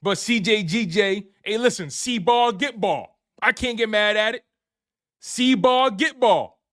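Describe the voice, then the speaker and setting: This man's high, slightly bright voice comes at a somewhat slow pace. He's a hyped sports show host running a live-stream recap with super chats, speaking straight to his chat and repeating phrases for emphasis.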